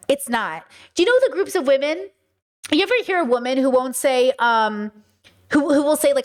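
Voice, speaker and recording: Casting: woman, high voice, blunt casual commentary host, swears, acts out dialogue. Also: expressive, brisk.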